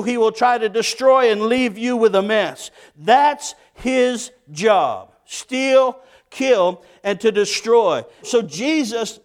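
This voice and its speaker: A man preaching with a high voice, calling questions out to the congregation. He slows way down to stretch out key phrases, then speeds ahead in between. His tone stays plain and conversational between the emphatic stretches. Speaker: pastor. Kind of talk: sermon.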